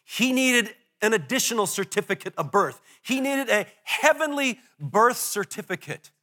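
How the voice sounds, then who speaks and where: A male pastor preaching a sermon to a congregation, telling a story with animated, self-deprecating asides. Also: sits high, moderate pace. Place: church before a congregation.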